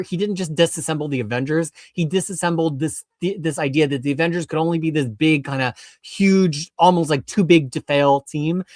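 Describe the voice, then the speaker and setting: A man co-hosting a casual live chat, enthusiastic and quick to laugh. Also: fairly high pitch, darkish tone, no room sound, studio quality. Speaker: co-host.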